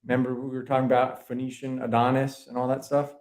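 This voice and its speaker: A man with a Boston accent holds forth in a mid-pitched voice, rambling and swearing as he lectures. He talks over a video call in loose podcast chat, piling on asides. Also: completely flat delivery, fast, darkish tone. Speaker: podcast guest. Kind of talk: casual conspiracy-history chat.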